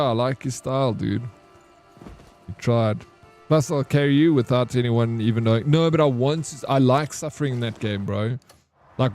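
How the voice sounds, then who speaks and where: A man's voice: mid-range voice, darkish tone. A young man, chatting casually with his stream while playing a game, slangy and laid-back. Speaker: gaming streamer.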